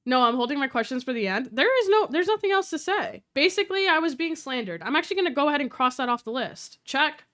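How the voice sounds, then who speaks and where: A young woman streamer talks to her chat in a fast, animated rush, swearing freely and slipping into quoted voices as she tells her stories. Her voice sits a little high and sounds bright and sharp. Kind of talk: casual live-stream chat.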